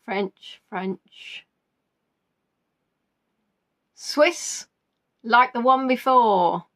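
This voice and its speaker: A woman's voice: fairly high pitch, lively intonation, takes it slowly, pauses often, fairly bright tone. A woman hosting a live online quiz, reading out players' answers and teasing them playfully. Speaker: quiz host.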